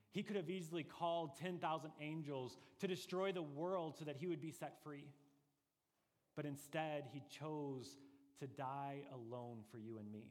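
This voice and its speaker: A man preaching a sermon as pastor, earnest and deliberate, pressing his points with rising emphasis. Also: fairly high pitch, big-room sound.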